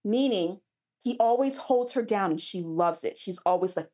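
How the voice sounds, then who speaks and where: Animated woman author talking. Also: mid-range voice, moderate pace. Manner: animated, talks in restarts. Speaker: romance author guest. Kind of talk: casual interview chat.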